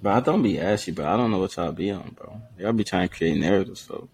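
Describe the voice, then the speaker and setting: A man's voice: deep voice, fast, darkish tone, breathy edge. A man in a casual group chat, talking in loose slang and joking around.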